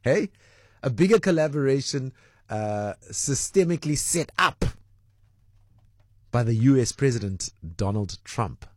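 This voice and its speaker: A man hosting a breakfast radio talk show, his voice a little husky and sitting at a middle pitch. He chats loosely, reads out messages from listeners and fills his pauses with ums and uhs. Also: expressive, no echo, clean studio sound. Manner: chatty, reads out listener messages with many fillers.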